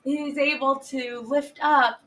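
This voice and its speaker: High-voiced woman recapping a movie loosely. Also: flat delivery, takes it slowly, bright, forceful tone, far from the mic, poor audio. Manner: rambling, swears freely, acts out quotes. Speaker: podcast co-host. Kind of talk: casual chat recapping a movie.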